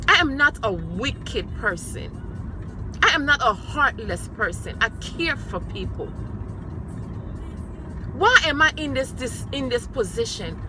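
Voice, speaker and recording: A woman's voice: high-pitched, sing-song, a little slow, long pauses, over music. A woman sharing her personal testimony with emphatic, repeated declarations, speaking of her faith and her sons. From New York.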